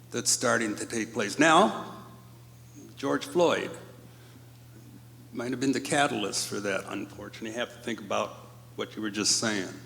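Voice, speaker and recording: An older man telling a personal story on stage, emotional and choked up, speaking slowly and haltingly. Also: mid-range voice, creaky, a bit bright. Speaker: panelist at a live storytelling event. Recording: reverberant hall.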